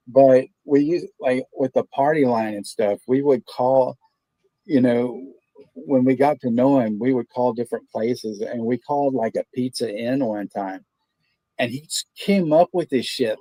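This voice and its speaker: A man's voice: medium pitch, dark tone, dry recording. A man hosting a movie watch party stream, chatting casually and telling stories in a laid-back, profane way. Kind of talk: casual chat.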